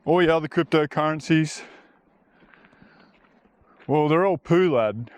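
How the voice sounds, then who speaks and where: A man's voice: fairly high pitch, a little slow, smooth, no echo. A man talking bluntly and casually while walking a bush trail, rambling and swearing now and then. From Australia. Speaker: vlogger. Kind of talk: casual walking vlog monologue.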